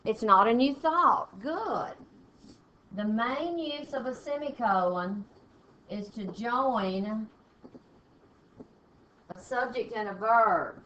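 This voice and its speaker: A woman English teacher, walking a class through test punctuation questions step by step and reading example sentences aloud with pauses. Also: fairly high pitch, fairly bright tone. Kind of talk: classroom test-prep lesson. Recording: dull lo-fi classroom recording with faint noise.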